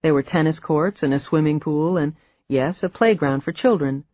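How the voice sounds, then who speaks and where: A wry, measured audiobook narrator reading a mystery thriller at a middle pitch. The booth sound is dry with no room at all. The top end is a little dull. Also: dry recording. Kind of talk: scripted narration.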